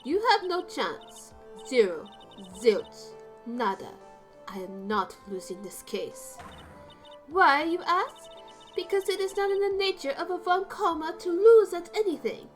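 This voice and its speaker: An arrogant, vengeful young female prosecutor played by a woman barks out her lines in a shrill, high voice. She sounds scornful and commanding, like a character in a fan game dub. Faint music plays behind her. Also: expressive, unhurried, hardly any pauses, fairly bright tone, exaggerated voice. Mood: haughty.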